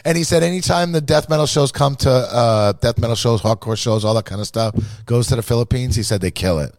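A man telling stories in casual, profane podcast chat, animated and full of quoted voices. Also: medium pitch, brisk, slight background noise.

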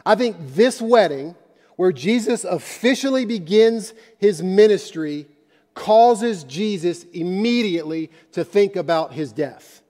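A man's voice: high voice, animated, a little slow, dark tone. A man preaching a sermon as a pastor, with impassioned emphasis and conversational asides, in a church sanctuary. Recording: long hall reverb.

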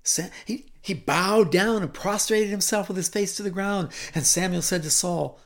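A man teaching a scripture story dramatically, shifting between loud emphasis and hushed whispers. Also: sits high, moderate pace. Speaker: Bible teacher.

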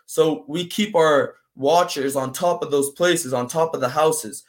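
A man's voice: fairly high pitch, measured pace. Brazilian man telling a tense street story. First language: Portuguese. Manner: animated, acts out voices in quotes, fills with "man" and "like". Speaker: guest. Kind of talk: casual storytelling interview.

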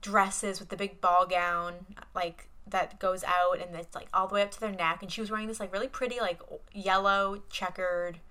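A woman's voice: mid-range voice, steady tone, normal speed, few pauses, sharp tone. A young woman co-hosting a casual movie podcast, rambling with lots of fillers and gushing about what she loved. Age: young adult. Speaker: podcast co-host.

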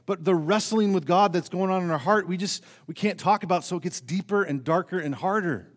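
A male pastor preaching a sermon in earnest, asking the congregation rhetorical questions and swinging between raised emphasis and hushed, low passages. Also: fairly quick. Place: church sanctuary. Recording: church sermon with long hall reverb.

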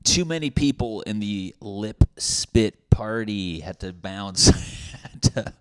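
A man's voice: fairly low pitch, lively intonation, measured pace, a bit bright, no echo, clean studio sound. A man hosting a solo comedy podcast, rambling through profane tangents with laughing asides. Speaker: podcast host.

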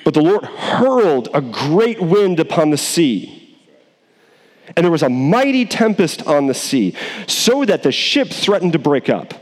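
A male pastor preaching a sermon in a casual, animated way, acting out the characters in quick voices. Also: sits high, long reverb tail.

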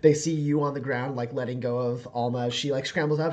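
A man at a middling pitch runs a tabletop game as game master. He describes scenes in a loose, halting ramble and leans constantly on fillers. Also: steady tone, darkish tone.

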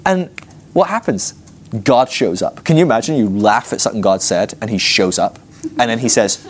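A man teaching a Bible class, telling the story with animated energy and often laughing at his own points. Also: medium pitch, moderate pace. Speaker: ministry school teacher.

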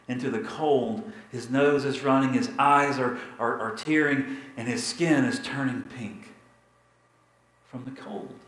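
A man's voice: medium pitch, fairly bright tone. Man preaching in an echoey room. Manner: dramatic, repetitive, with emphatic pauses. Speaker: pastor. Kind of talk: sermon storytelling.

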